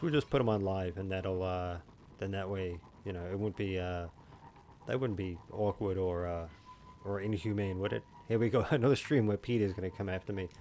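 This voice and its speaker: A man's voice: sits low, mellow, a little hiss or hum. A man streaming a video game from home, joking and rambling as he chats with his viewers by name. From New York. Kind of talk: casual gaming stream chat.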